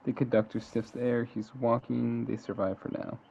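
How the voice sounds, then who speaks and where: A man's voice: medium pitch, level tone, normal speed, vocal fry, warm tone. A man casually reading out game events with dramatic flair, laughing at and correcting his own slips. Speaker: narrator of a game simulation. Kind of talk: casual read-aloud narration. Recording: dull lo-fi sound with faint hiss.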